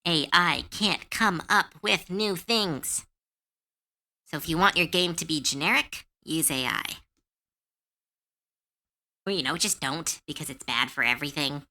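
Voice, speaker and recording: A woman streaming live, chatting casually, animated and opinionated, with lots of filler words and swearing. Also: low voice, a little slow, long pauses. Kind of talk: casual livestream chat.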